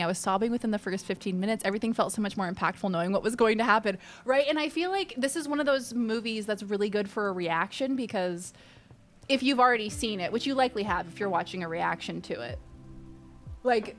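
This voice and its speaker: A young woman streamer chatting casually, reading and answering her chat with sudden squeals of excitement. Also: mid-range voice.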